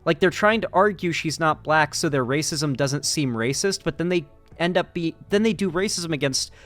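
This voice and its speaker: Young guy from florida reacting to news clips, kinda high voice, sarcastic running asides, faint music under him. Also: normal speed, fairly bright tone. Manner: chatty, sarcastic asides, puts on mock Southern voices. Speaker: political commentary streamer. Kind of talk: casual reaction commentary.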